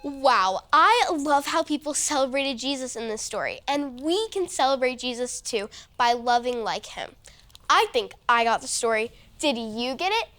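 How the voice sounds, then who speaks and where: A woman's voice: high-pitched, animated, moderate pace, fairly bright tone, soft background music. A woman hosting a children's ministry video, upbeat and asking the kids to answer back. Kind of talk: kids' show wrap-up.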